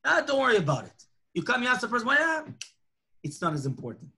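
A man's voice: very high voice, quick pace, slightly rough. A man, a rabbi, teaching a lunchtime Torah class, telling stories and acting out the dialogue. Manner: animated storytelling, acting out dialogue.

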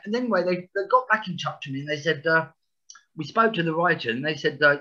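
A frank man in his sixties, talking with a tense, forceful edge in a slightly high voice. He speaks bluntly, swears freely and trips into restarts, and the audio sounds dull and lo-fi. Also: fast. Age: 60s. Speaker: actor guest. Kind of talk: candid podcast interview.

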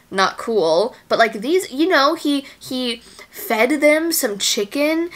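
A woman's voice: mid-range voice, a bit bright. A woman giving casual commentary as she reacts to a movie, exclaiming and gasping at the screen, anxious and near tears for the characters.

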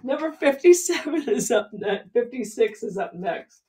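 A raspy-voiced woman running a live online jewelry auction, chatting with bidders, laughing often and thanking them by name. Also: on the high side, lively intonation, moderate pace, a little mellow. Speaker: livestream jewelry seller. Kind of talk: live auction selling chat.

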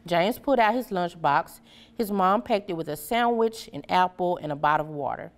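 Woman reading a children's story, lowish voice. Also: moderate pace. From Memphis area, USA. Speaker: storybook reader.

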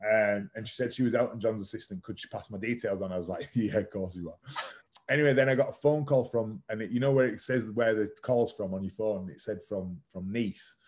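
A man in his thirties, guesting on a podcast, speaks a little fast with few pauses in a lowish, slightly mellow voice. He tells his story openly and casually, with some cursing and frequent "like" fillers.

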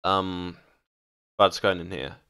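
A man's voice: sits low, fairly even intonation, slow, pushed and bright, smooth, dry recording, clean studio sound. A young man talking casually and hesitantly about game maps, with many ums and restarts. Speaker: gaming video creator. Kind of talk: casual game map ranking commentary.

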